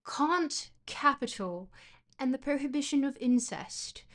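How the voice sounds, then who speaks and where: A woman's voice: high-pitched, lively intonation, unhurried, a bit bright. A woman streamer reading a book aloud on a livestream, rambling and playful between passages, with plenty of fillers and self-corrections.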